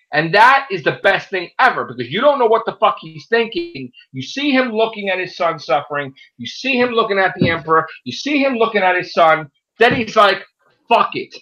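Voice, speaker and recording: Animated, swearing man ranting in casual chat. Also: high-pitched, muffled recording. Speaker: podcast host.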